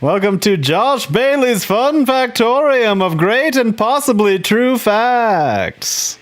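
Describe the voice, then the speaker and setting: A man on a podcast putting on a booming adult male TV announcer voice, drawing out every word slowly and grandly. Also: lively intonation, exaggerated voice. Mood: grandiose. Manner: slow, drawn-out grand delivery.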